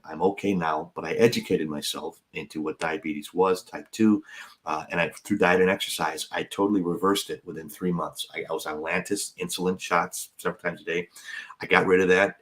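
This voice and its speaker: A man's voice: low voice, a bit bright. A man in his fifties, a comedian and podcast co-host, telling a personal story in a jokey, self-deprecating way and acting out other people's lines. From United States. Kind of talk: casual storytelling chat.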